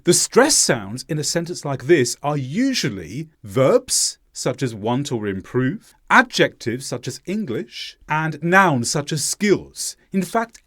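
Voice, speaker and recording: A man teaching English pronunciation in a scripted lesson, speaking slowly and deliberately with heavy stress on key words. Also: a little high, no echo, studio quality.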